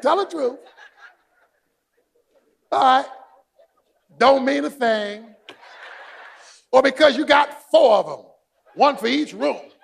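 A man preaching a sermon, shouting for emphasis and joking with his congregation. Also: extremely high pitch, unhurried, creaky, pauses often. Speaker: pastor.

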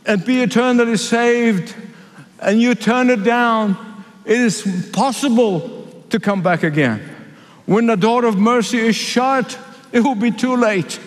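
Emphatic high-voiced male preacher. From Middle East. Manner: emphatic, repeats key phrases, slows for weight. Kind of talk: sermon. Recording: reverberant hall.

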